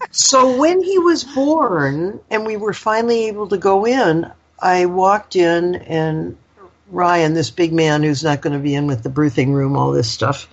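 An older woman tells a candid personal story, wandering through it with fillers and little laughs. Her voice has a husky edge. The recording sounds slightly dull and lo-fi. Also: on the low side, slow. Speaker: guest.

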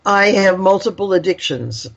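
Husky older woman telling a rambling story. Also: medium pitch, animated, moderate pace, muffled recording. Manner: rambling and candid, with many fillers and laughs. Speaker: guest. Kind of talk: casual personal storytelling.

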